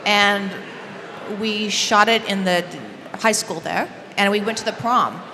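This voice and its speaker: A woman from Idaho on a convention panel, telling anecdotes in a relaxed, halting way. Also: mid-range voice. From Idaho, USA. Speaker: panel guest. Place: large convention hall. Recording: echoey hall with background noise.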